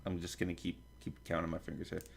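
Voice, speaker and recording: Deep-voiced man reading a list. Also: completely flat delivery, fast, vocal fry. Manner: stumbles over foreign names and jokes aside. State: dry throat, coughing. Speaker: podcast host. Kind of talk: reading a table of contents aloud.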